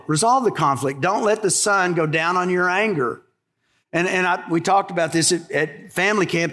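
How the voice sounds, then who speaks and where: A pastor preaching a sermon in a folksy, conversational way, driving points home with emphatic repetition. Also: male voice, high voice, a bit bright.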